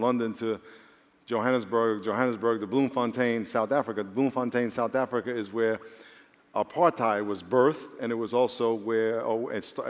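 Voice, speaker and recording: A man preaching a sermon as the church's pastor, telling stories and building to emphatic points. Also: medium pitch. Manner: storytelling, rising to emphatic preaching. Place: large church hall. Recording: long hall reverb.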